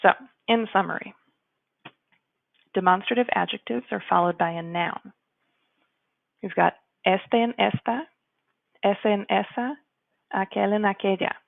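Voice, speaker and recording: A woman with a gravelly edge to her voice explains grammar as a teacher, chatty and slowing down for her example sentences. The sound is dry and close, with no room around it. It also comes through narrow and tinny, like a phone call. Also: mid-range voice, steady tone, no room sound. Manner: chatty, apologetic asides, slows to model example sentences. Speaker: Spanish teacher. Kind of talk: explanatory lesson.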